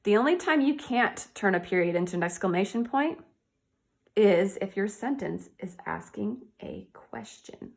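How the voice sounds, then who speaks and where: A woman teaching a reading and punctuation lesson to young children, cheerful and encouraging, slowly sounding out words. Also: medium pitch, big pitch swings, gravelly. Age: adult.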